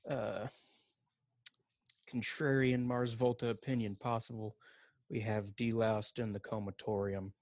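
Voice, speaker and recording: A man's voice: medium pitch, no echo. A man in a casual podcast chat with a dry, sarcastic manner. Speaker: podcast co-host.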